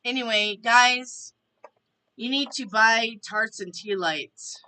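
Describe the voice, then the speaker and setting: Bright-voiced woman chatting on a live stream. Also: a little high, takes it slowly, clean tone, poor audio. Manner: chatty, reads viewer questions aloud, restarts often. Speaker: tarot reader and live stream host. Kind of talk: casual live stream chat.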